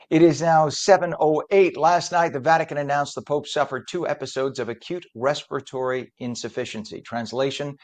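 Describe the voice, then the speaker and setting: A man hosting a morning news show, reading headlines and breaking off into chatty, opinionated asides in a self-aware know-it-all manner. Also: medium pitch.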